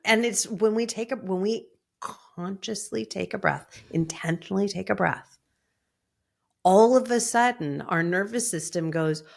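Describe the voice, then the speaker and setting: A woman co-hosting a podcast, talking casually in an animated, conversational way. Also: mid-range voice, measured pace, creaky. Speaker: podcast co-host.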